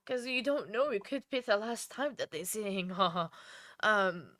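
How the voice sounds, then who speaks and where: A woman's voice: medium pitch, expressive, unhurried, fairly bright tone, dry recording. Tired, emotional woman streamer, dry sound. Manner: rambling, with many restarts and fillers, answering viewers by name; emotional and heartfelt. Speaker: true crime livestream host. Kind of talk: casual live stream chat.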